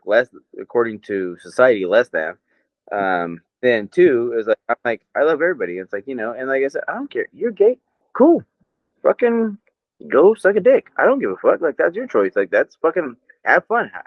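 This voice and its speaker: A man's voice: on the low side, dry recording, muffled recording. A man with an American accent, co-hosting a podcast in casual, rambling, profane chat with frequent laughter. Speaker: podcast co-host.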